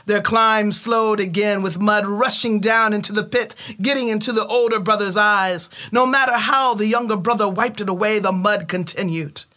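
A woman telling a folk tale in a measured way, with dramatic pauses. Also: medium pitch, steady tone, sharp tone. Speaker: storyteller. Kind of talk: oral storytelling.

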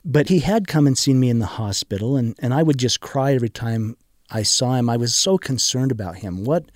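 A man's voice: medium pitch, lively intonation, brisk, darkish tone, no echo, studio quality. A middle-aged man, a guest in an interview, telling a personal story in an earnest, emotional way, often stopping and restarting his sentences.

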